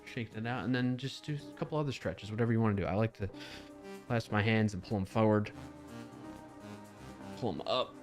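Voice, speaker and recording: A man hosting a live stream in a casual, upbeat chat, a little low on energy, leading viewers through stretches. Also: a little fast, pauses often, darkish tone, soft background music. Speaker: livestream host.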